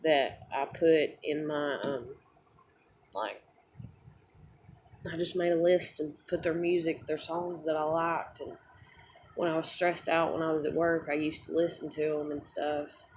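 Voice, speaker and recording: Low-voiced tired woman ranting in a vlog. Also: slight background noise. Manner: rambling, upset, swearing freely, many fillers. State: just woke up, tired and near tears. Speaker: vlogger. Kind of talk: rambling personal vlog rant.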